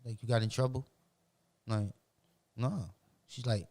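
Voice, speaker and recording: A man spins long, animated stories from his youth. He talks in casual street slang, full of profanity. His voice sits at a middle pitch for a man. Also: a little fast, long pauses. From Roxbury, Boston. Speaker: podcast guest. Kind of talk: casual storytelling.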